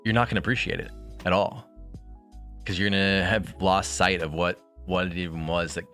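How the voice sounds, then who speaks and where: Streamer, male, low and bright-toned voice, rambling reflective chat with viewers, faint music behind. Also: fairly even intonation, moderate pace. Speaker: streamer reading a book aloud. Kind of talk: casual livestream chat and book reading. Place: bedroom.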